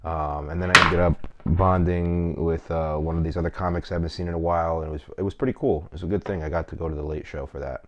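A man's voice: low-pitched, fairly even intonation, quick pace, bright, forceful tone, muffled recording. A man hosting his own podcast as a stand-up comic, rambling casually with lots of swearing and self-mocking asides. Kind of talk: casual solo podcast chat.

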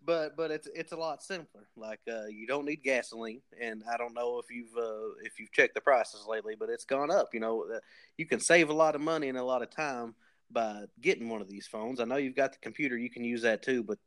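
A man with a Kentucky drawl who talks in loose, folksy rambles. He plays his comic boasts completely straight and keeps restarting his sentences. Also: medium pitch. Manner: rambling, folksy, deadpan tall tales with many restarts. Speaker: podcast guest posing as a communication expert. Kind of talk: comedic podcast banter.

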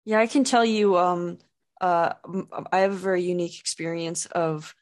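A young woman hosts a podcast in a chatty, casual way, filling her talk with "like". Her voice sits a little low for a woman. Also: steady tone, normal speed. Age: young adult. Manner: chatty, says "like" often. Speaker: podcast host. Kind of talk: casual conversational interview.

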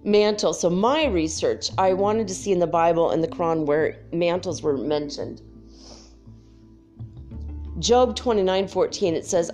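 A woman speaks straight to her viewers in a candid, emotional vlog, laughing easily and swearing casually. Her voice is mellow and warm, and faint music plays underneath. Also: lowish voice, normal speed. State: tearful at times. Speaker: spiritual vlogger. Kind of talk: casual confessional talk to viewers.

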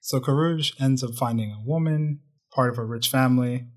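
A man's voice: mid-range voice, moderate pace. Guy cohosting a movie podcast, jokey, wry, plain middle voice. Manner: joking, wry storytelling. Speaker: podcast co-host. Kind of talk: casual movie review chat.

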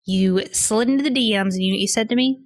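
A young adult woman with a Southern US drawl, chatting on her podcast with easy enthusiasm. Her mid-pitched voice has a gravelly fry at the ends of phrases. The sound is close and dry, with no room around it. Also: fast talker, no room sound. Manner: chatty, enthusiastic, laughs easily. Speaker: podcast co-host. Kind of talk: casual podcast chat.

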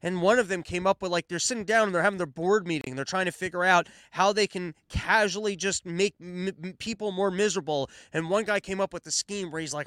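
A man's voice: sits high, brisk, hardly any pauses, fairly bright tone, smooth, no echo. A man hosting his own show, commenting on the news in a sarcastic, profane rant. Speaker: podcast host.

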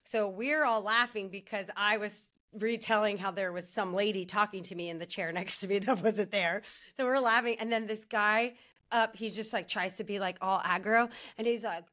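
Bright-voiced woman telling a rambling story. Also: medium pitch, normal speed. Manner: rambling, heavy use of "like", laughs through her story. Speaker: podcast co-host. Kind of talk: casual chat, storytelling.

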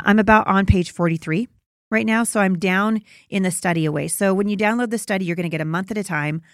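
Earnest woman with a gravelly voice. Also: lowish voice, dry recording, studio quality. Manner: conversational and earnest, reads scripture slowly. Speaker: podcast host and Bible teacher. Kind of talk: devotional podcast teaching.

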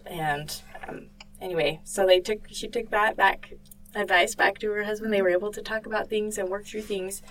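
A woman's voice: mid-range voice, steady tone, normal speed, fairly bright tone, far from the mic, slight background noise, low-quality recording. Woman talking casually, a bit off-mic. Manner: conversational, many fillers and restarts. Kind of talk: casual discussion of a book.

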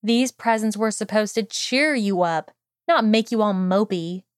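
A woman voicing a blunt, caring young witch who speaks in a brisk, teasing way, in an audiobook reading of fan fiction. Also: medium pitch, clean tone, no echo, clean studio sound, close to an everyday voice. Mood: chiding.

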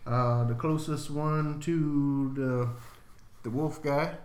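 A man's voice: fairly high pitch, steady tone, slow pace, darkish tone, echoey room. A man playing a tabletop game, casual and laid-back, speech full of fillers. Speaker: player.

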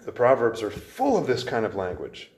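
A man's voice: medium pitch, wildly swooping pitch, moderate pace, a little mellow. A man preaching an expository sermon in an earnest, emphatic way, with frequent restarts as he explains the verses.

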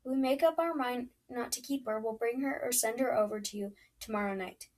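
Woman reading a slow, careful spinster. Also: a little high, a little mellow, far from the mic, natural voice, low-quality recording. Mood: measured. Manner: slow and measured.

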